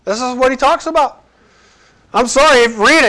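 A man with a notably high voice preaches in a loose, conversational way. He is lively and cracks jokes. He acts out the people in his story as he goes. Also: moderate pace. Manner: lively, jokey, acts out quotes. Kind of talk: casual conversational sermon.

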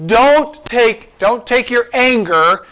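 A man's voice: very high-pitched, lively intonation, slow, sharp tone. A man giving a sermon, retelling and explaining a scripture passage in a conversational way with rhetorical questions. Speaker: pastor.

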